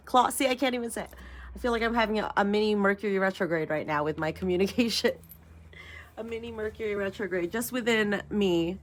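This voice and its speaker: In a medium-pitched, somewhat bright voice, a tarot reader hosting her own channel rambles through a casual spiritual vlog chat. She laughs a lot and teases herself along the way.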